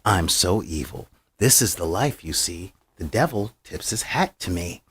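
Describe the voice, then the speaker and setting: A man doing an impression of a calm, evil male cult leader who talks slowly and quietly. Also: sits low, husky, heavily acted. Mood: smug. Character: calm, sinister male cult leader, smug and soft-spoken.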